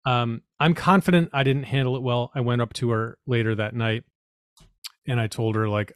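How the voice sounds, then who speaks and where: A man's voice: mid-range voice, fairly even intonation, moderate pace, smooth, no echo, clean studio sound. A man in his forties hosting a podcast, affirming his guest with frequent yeses and sharing stories as a parent. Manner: affirming, lots of yes and yeah. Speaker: podcast host. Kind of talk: casual interview conversation.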